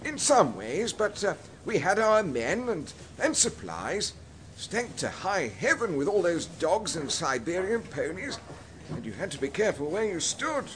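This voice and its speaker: A man's voice: high-pitched, big pitch swings, unhurried, fairly bright tone, a little hiss or hum, heavily acted. A man playing a blustering polar captain. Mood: boastful. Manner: indignant, stiff-upper-lip bluster. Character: pompous, huffy British polar expedition captain. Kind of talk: comic historical sketch.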